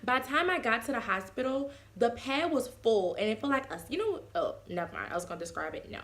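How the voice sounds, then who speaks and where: A woman's voice: a little high, fast talker. Chatty young woman telling a story. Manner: animated, acts out quotes with voice swings. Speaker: vlogger. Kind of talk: casual storytime.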